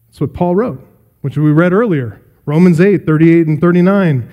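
A man preaching an expository sermon, emphatic and slowing down to stress key phrases. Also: sits high, dark tone, in a large hall.

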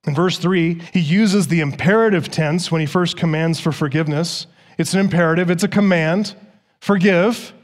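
A man's voice: a little high, moderate pace. A man preaching a sermon as pastor, emphatic and repeating words for stress.

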